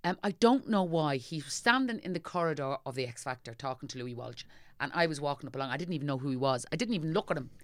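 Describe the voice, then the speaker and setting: A woman's voice: low voice, expressive, fast, few pauses, no room sound, clean studio sound. A middle-aged woman with a Dublin accent chatting as an interview guest, telling stories animatedly and acting out what people said. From Ireland. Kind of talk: casual chat.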